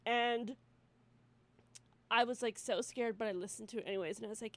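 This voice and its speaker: A young woman co-hosting a casual podcast, telling stories in an animated way, with plenty of swearing and laughter. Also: a little high, normal speed, pauses often. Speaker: podcast co-host. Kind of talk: casual chat.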